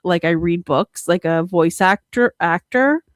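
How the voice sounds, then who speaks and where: A young woman co-hosting a podcast, chatting casually with lots of fillers and excited bursts. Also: lowish voice, measured pace, no echo. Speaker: podcast co-host. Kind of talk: casual chat.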